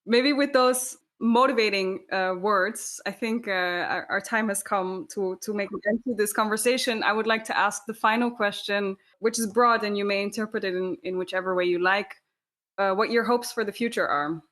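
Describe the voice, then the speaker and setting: A woman's voice: medium pitch, moderate pace, a bit bright. A woman hosting an interview, giving short, admiring responses with hesitant fillers. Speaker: interviewer, host.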